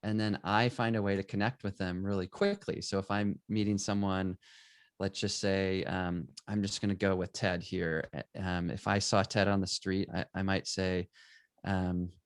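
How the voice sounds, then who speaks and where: A middle-aged man, a photographer and guest, telling stories in conversation and acting out bits of dialogue with lively energy. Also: sits low, normal speed, clean tone, no echo, studio quality. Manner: animated, acts out quoted dialogue. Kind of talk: conversational storytelling.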